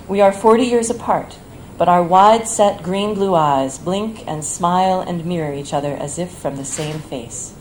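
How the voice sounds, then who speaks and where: A woman reading her own personal essay aloud at a bar event, in a measured, reflective, tender way. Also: fairly low pitch, lively intonation, a little mellow, a little hiss or hum, low-quality recording.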